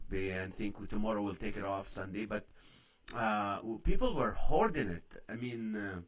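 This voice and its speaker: A man's voice: medium pitch, fairly bright tone. A man hosting a casual live-stream chat, joking, greeting viewers by name and reading out their comments. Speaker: host of a live stream show.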